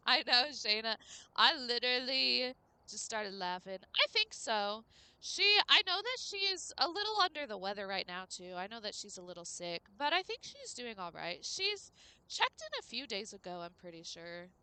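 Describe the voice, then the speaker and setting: A young woman chatting on a live game stream, her voice very bright and clear with a lively, swooping pitch. She rambles casually to viewers, leaning on "like" between thoughts, and the dry sound stays close and free of room echo. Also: moderate pace. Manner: rambling and chatty, full of "like" fillers.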